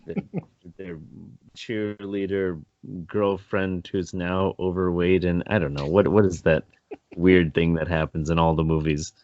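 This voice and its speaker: A man with a fairly low voice co-hosts a relaxed film-review podcast. He rambles, laughs easily and pokes fun at himself. The recording is dry and a little muffled. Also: unhurried, no echo. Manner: rambling, laughs often, self-mocking. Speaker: podcast co-host. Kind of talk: casual film-review chat.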